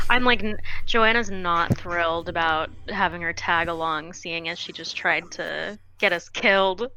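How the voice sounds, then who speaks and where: A woman's voice: fairly low pitch, slow pace, noisy background. A woman playing a tabletop game, with a wry and dry way of talking. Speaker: player. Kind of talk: casual tabletop play.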